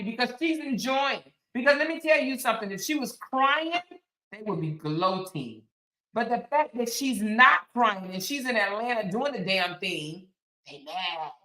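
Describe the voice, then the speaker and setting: A woman's voice: on the high side, sharp tone, roomy sound. A woman, hosting a casual commentary stream, talking emphatically and answering her chat. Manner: sassy, emphatic, talks back to chat. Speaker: commentary show host.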